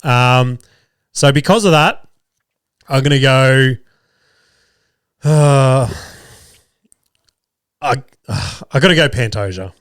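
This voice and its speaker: A man's voice: medium pitch, slow, long pauses, fairly bright tone, smooth, no room sound, studio quality. An Australian man hosting a podcast, chatting loosely and swearing as he picks bets, under the weather with a cough. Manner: rambling, swears often, many restarts and fillers. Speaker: podcast host. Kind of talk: casual sports betting chat. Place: small studio. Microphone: studio mic.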